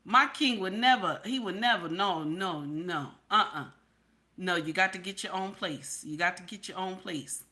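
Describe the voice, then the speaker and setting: A woman's voice: mid-range voice, normal speed, hardly any pauses, pushed and bright. A woman hosting a live stream and talking with her chat in a casual way. She is blunt and profane, repeats her points, and keeps asking "okay?". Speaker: livestream host.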